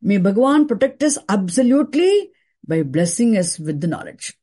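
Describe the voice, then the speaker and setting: A woman teaching a scripture class, explaining terms deliberately and repeating key words for emphasis. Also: medium pitch, sing-song, mellow, husky.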